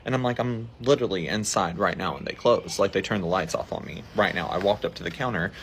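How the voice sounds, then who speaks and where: A man's voice: sits low, quick pace, a bit bright, slight background noise. A man recounting a bad date in an exasperated storytime. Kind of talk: storytime narration.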